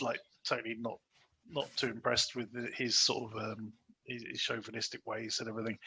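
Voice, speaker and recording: Male podcast co-host, bright husky voice, rambling film chat full of fillers. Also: medium pitch, low-quality recording. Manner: chatty, many fillers and restarts, acts out quoted lines. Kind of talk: casual film review chat.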